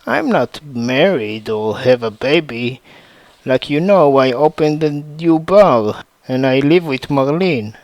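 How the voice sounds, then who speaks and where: A man voicing a caring young woman who runs a bar, gentle and supportive. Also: medium pitch, expressive, slow pace.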